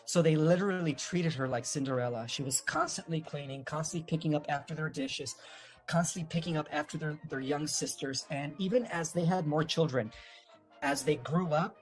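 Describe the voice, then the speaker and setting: A man's voice: a little high, fairly quick, soft background music. A man, a guest on an interview, telling a long family story in a loose, rambling way with many fillers and restarts. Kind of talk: casual storytelling.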